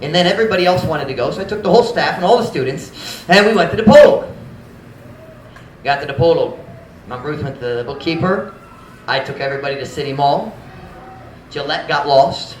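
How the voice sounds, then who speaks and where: Lively male pastor in echoey church. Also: on the high side, a little fast, long pauses, slight background noise. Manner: animated, conversational, frank. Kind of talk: storytelling sermon. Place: church sanctuary. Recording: roomy church echo.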